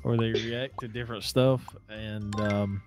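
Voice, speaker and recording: A woman's voice: rumbling low, fairly even intonation, unhurried, music in the background. A woman chatting casually with friends while playing an online game, rambling and hesitant with many fillers. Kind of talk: casual gaming chat.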